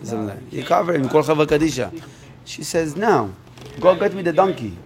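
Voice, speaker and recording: Animated man telling a sermon story. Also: a little fast, crowd noise. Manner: animated retelling, acting out dialogue with big pitch swings. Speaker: rabbi.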